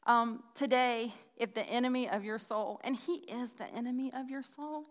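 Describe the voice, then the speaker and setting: A woman's voice: on the high side, fairly even intonation, normal speed. A woman giving a casual, conversational sermon, folksy and chatty with frequent restarts and asides. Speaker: Bible teacher. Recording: long hall reverb.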